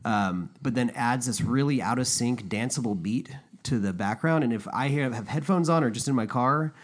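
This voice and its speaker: This male co-host has a medium-pitched voice and a moderate pace. His podcast talk is loose and eager, full of fillers and false starts.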